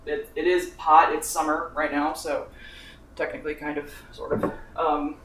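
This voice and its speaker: A man's voice: fairly high pitch, level tone, normal speed, a bit bright. A young man in his twenties chatting casually in a cooking vlog, tired and sick from sunburn, rambling and mocking himself, swearing often and laughing between phrases. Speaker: vlogger. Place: home kitchen while cooking. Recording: echoey room, voice from a distance.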